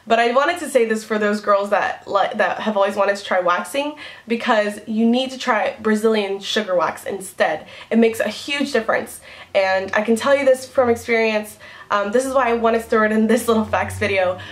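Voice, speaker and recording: A woman's voice: mid-range voice, normal speed. A young woman vlogging to camera in a casual, rambling way, giggling often. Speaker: beauty vlogger.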